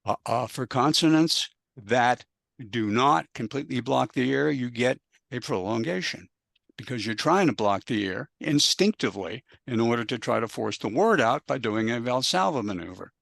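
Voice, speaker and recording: A man with a gravelly, creaky voice, recorded dry and close with no room sound. He talks as a panel speaker, laying out an explanation one step at a time in a measured, patient way. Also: medium pitch, animated, fairly bright tone, no echo.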